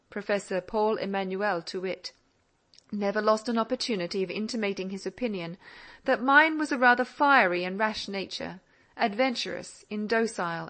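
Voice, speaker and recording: A woman narrating a classic novel in an audiobook, measured and reflective. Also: mid-range voice, fairly bright tone.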